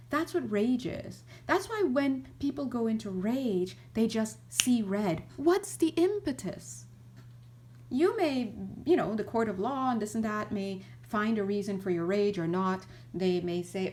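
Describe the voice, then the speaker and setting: A middle-aged woman, a spiritual teacher and energy healer, giving an animated casual talk and acting out little scenes. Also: mid-range voice, a little slow. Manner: animated, acts out little scenes, many restarts.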